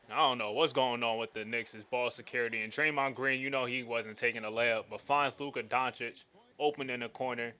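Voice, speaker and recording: Bright-voiced man calling game action. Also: mid-range voice, fairly even intonation, fairly quick. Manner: hyped, slangy play-by-play. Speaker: gaming commentator. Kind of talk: casual play-by-play commentary.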